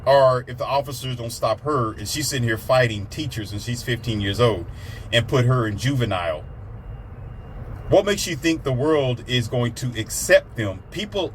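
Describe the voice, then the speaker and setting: A man delivering a heated, preachy rant, swearing and shouting out questions. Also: medium pitch, a little hiss or hum. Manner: heated, preachy, swears, mimics others in raised voice. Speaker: commentator. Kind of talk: ranting monologue.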